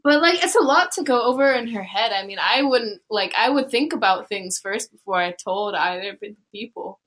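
A woman's voice: mid-range voice, lively intonation, moderate pace, a bit bright. A young woman in a casual chat with friends, dropping wry side remarks.

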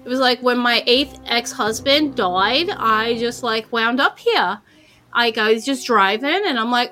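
A woman's voice: a little high, animated, moderate pace, bright, forceful tone. A woman running a tabletop game, voicing people in chatty, folksy small-town diner talk. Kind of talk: in-character tabletop role-play.

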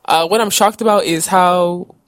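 A woman's voice: fairly low pitch, fairly even intonation, no room sound, studio quality. Chatty young woman podcast host. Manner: chatty, playful, quick to joke. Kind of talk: casual podcast chat.

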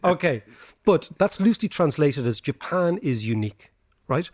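An Irish man hosting a podcast, explaining history and economics in animated casual chat, often tagging his points with "right?". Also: a little high, normal speed, no echo, clean studio sound. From Ireland. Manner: animated lecturing, rhetorical "right?" tags. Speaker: podcast host.

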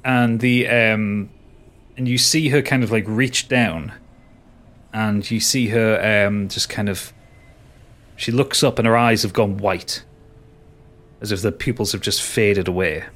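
A man's voice: lowish voice, fairly even intonation, a little slow, long pauses, fairly bright tone. A man narrating as game master of a tabletop game, talking with frequent hesitations. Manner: hesitant, many fillers and restarts.

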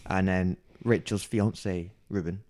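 A man with a low voice speaks slowly while co-hosting a podcast. He tells a story in casual conversation, animatedly acting out what people said and laughing often.

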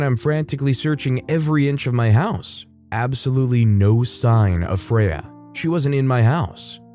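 A man reading stories aloud in an expressive, emphatic way, with wry asides. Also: medium pitch. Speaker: story narrator.

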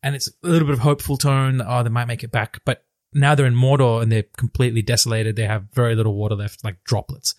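A man's voice: medium pitch, no echo, clean studio sound. A man chatting casually as a podcast co-host, eagerly retelling film scenes. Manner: fast, animated retelling of scenes.

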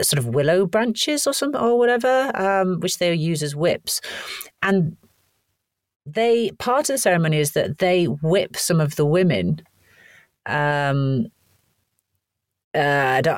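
A woman from Wales, a podcast guest, telling a story in a chatty, animated way that is full of laughs. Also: low voice, no echo, clean studio sound. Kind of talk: casual anecdotal storytelling.

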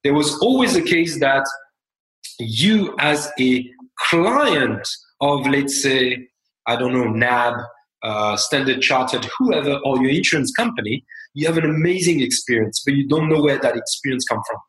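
A man whose first language is French speaks English with a French accent as an interview guest. He talks at an unhurried pace, self-deprecating and often trailing off quietly. His voice sits at a mid pitch and carries a roomy echo. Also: expressive. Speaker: guest, company co-founder. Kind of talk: interview answers.

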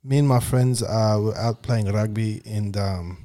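A man's voice: lowish voice, unhurried, mellow, lightly acted. A man putting on a South African accent to voice a blunt, laddish bloke in crude banter. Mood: mock blunt. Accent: put-on South African.

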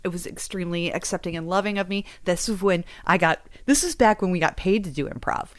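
A young adult woman performer talking in a casual conversation, rambling, animated and self-deprecating, laughing often. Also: on the low side, fast. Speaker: guest performer and musician.

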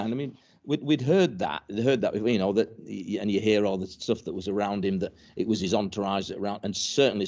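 Older bloke rambling through footy stories, lots of restarts, lo-fi muffled audio. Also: male voice, lowish voice, a little mellow. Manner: rambling, many restarts and repeated words, chuckling. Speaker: former professional footballer guest. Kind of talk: casual storytelling interview. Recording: dull lo-fi recording.

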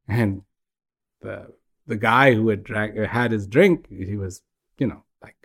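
A man with a lowish voice gives a reflective spiritual talk on a regular broadcast. His delivery is gentle, made of short halting phrases and pauses.

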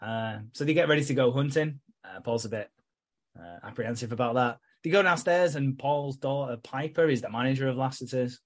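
A man co-hosting a casual podcast, recapping a soap with swearing and quick voiced asides. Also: mid-range voice. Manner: laughing, swearing, acting out characters in quick asides. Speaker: podcast co-host.

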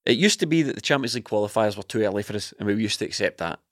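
A man's voice: on the low side, lively intonation, rapid-fire, a bit bright, dry recording, studio quality. A man, a podcast co-host, talking football in a heated, opinionated way. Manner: passionate, ranting opinions. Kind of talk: casual football chat.

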